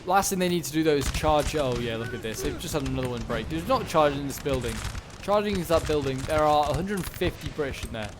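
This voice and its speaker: Speaking fast in a high, expressive voice, a gaming commentator casually thinks aloud through a video game battle, with lots of fillers and self-corrections. The background is noisy, as loud gunfire and battle sounds from the game play beneath him.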